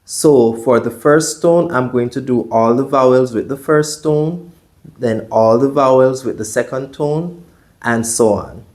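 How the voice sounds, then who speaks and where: A man teaching a pronunciation lesson, drilling sounds slowly and deliberately for students to repeat after him. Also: medium pitch, darkish tone. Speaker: language teacher.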